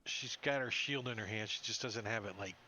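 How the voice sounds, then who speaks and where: A man playing in a tabletop game, joking and animated, swearing casually as he plays his character. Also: on the low side, fairly quick, very noisy. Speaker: player.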